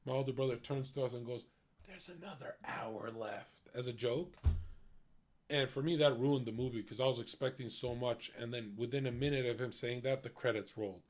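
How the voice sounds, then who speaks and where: A man's voice: medium pitch, steady tone, a little fast. A young man streaming, talking in a blunt, profane, ranting way about a film. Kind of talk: casual chat.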